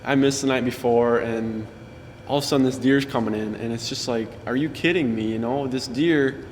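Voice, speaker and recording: A man's voice: mid-range voice, steady tone, moderate pace, darkish tone, big-room sound, slight background noise. A man who filmed a hunt, telling the story casually in an interview, with plenty of fillers. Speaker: cameraman and hunting partner.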